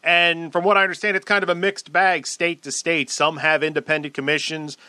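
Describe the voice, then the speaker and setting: A man's voice: a little high, flat delivery, fairly quick, sharp tone, clean tone, no room sound. A man hosting a radio interview, asking questions in a conversational way with some hesitations. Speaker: radio host.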